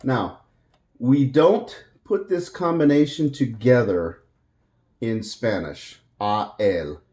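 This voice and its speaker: A man teaching a Spanish grammar lesson in English, patiently repeating words slowly for practice. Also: mid-range voice, animated, a little mellow. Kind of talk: classroom-style language lesson.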